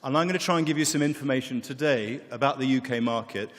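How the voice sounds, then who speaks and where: A man giving a conference talk, relaxed and joking, with many fillers. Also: medium pitch, fast. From England. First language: English. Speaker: wine expert, keynote speaker. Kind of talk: conference keynote with anecdotes. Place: conference hall. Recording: long reverb of a large hall.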